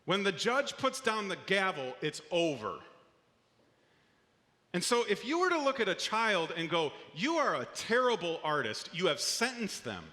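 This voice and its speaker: A man's voice: high-pitched, sing-song, measured pace, bright, forceful tone, big-room sound. A man preaching a sermon as a pastor, in an earnest, conversational way with small restarts, in a church auditorium.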